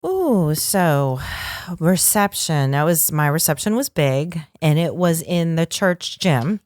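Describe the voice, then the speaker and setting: A woman telling a story in a relaxed podcast chat, her pitch leaping up and down as she acts out what people said. The sound is close and dry, with no room around it. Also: takes it slowly, dry recording. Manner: animated, lively storyteller who acts out quotes. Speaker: podcast co-host.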